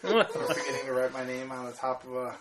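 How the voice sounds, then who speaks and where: A man's voice: medium pitch, expressive, fairly quick, over a noisy crowd. A man, the podcast's producer, telling a school anecdote in an amused casual way. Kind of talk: casual storytelling.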